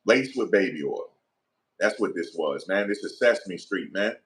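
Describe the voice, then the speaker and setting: A man's voice: low voice, normal speed. Heated New man ranting. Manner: emphatic, profane, repetitive, animated rant. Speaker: commentator. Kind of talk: heated opinion commentary.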